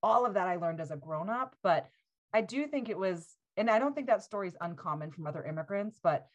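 A woman in her forties, a podcast guest, telling stories in casual talk, animated and laughing often, with many "like" fillers. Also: mid-range voice, a little fast, muffled recording. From United States.

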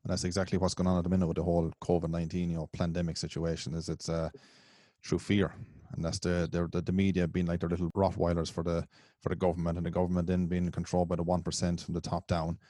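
A male interviewer with a very low, level voice. His tone is dark and mellow, recorded dry and close. He agrees readily with his guest and asks long, rambling questions. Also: monotone, fast, dry recording. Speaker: podcast interviewer. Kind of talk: casual interview.

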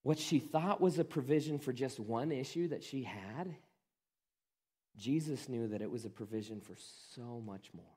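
A man's voice: medium pitch, moderate pace, mellow, breathy edge. A man preaching a sermon as a pastor, retelling the story in a conversational way and often repeating his words.

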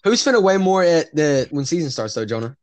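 A man's voice: fairly high pitch, big pitch swings, fairly quick, no echo. A teenage young man in a casual chat with friends, rambling and hesitant, often laughing. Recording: faint background noise.

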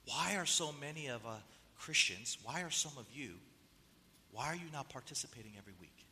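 A man's voice: medium pitch, pushed and bright, long reverb tail, a little hiss or hum. A man preaching a sermon as pastor, with a nasal voice, pressing the congregation with rhetorical questions and reading quotes aloud. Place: church sanctuary.

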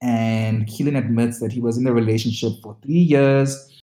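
A co-host chatting in a casual reality-TV recap, exclamatory with quick asides. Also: medium pitch, steady tone, dark tone. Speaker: podcast co-host. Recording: echoey room.

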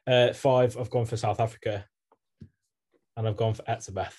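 A young man co-hosting a casual sports podcast, dry and brisk, moving the list along. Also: mid-range voice, fairly even intonation, a little mellow. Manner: dry, brisk, moves things on. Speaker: podcast co-host. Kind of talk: casual chat.

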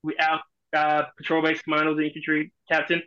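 A fast-talking Australian man tells army stories with brash, profane humor. His voice is bright and forceful, and the audio comes through dull and lo-fi. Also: on the high side, completely flat delivery, smooth. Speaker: guest, army officer. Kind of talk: casual podcast chat.

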